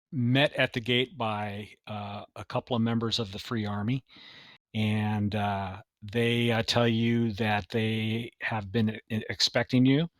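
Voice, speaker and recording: Man, game master, slow pace, bright voice, dry close mic. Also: fairly low pitch, dry recording. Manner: slow, many "uh" fillers. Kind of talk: narrating a tabletop game.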